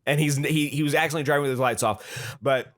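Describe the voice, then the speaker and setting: A man's voice: fairly high pitch, quick pace, fairly bright tone. A man hosting a podcast, telling a story in casual chat, rambling with lots of restarts and acting out the other people's lines. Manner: acts out the other voices in his story. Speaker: podcast host.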